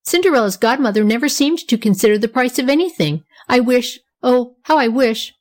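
Lady reading as a little girl, high and breathy-excited, always wishing. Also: fairly quick, natural voice. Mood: eager. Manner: wistful, excitable. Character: dreamy eager little girl.

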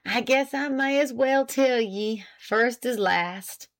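Glum old farmer, stubborn and slow, rustic dialect, storybook read by a woman. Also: on the high side, voice pushed up. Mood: dejected.

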